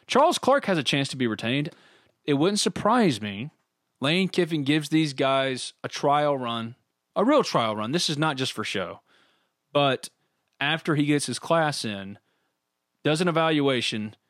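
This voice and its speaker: A man's voice: mid-range voice, moderate pace, no echo, studio quality. A middle-aged man, co-hosting a casual sports talk show and telling stories with lots of laughter. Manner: animated storyteller, laughs often. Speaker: podcast co-host.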